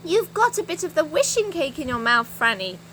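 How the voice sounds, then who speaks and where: A woman reading a storybook voices Moonface, an excitable male friend who yells urgently. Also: high-pitched, measured pace, a little hiss or hum, pitched above the performer's own voice, full character voice. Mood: frantic. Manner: urgent, yelling.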